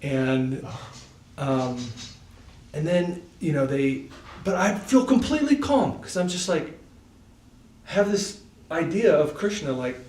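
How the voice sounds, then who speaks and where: At a devotional study gathering, a man tells a personal story in a loose, chatty way, sprinkling in fillers like "like" and "you know." His voice sits on the high side and is a little mellow, with lively intonation, a slow pace, and long pauses. The room is echoey, he's far from the mic, and there's a faint hiss.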